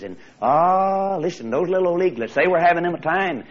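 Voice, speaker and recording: A man preaching a storytelling sermon in a folksy, animated way, often repeating his phrases, on a slightly muffled recording. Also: high-pitched, a little fast.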